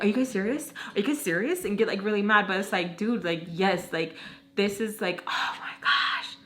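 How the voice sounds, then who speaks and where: Chatty young woman telling a story. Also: medium pitch. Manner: chatty, slangy, heavy use of "like". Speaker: vlogger. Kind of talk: storytime vlog.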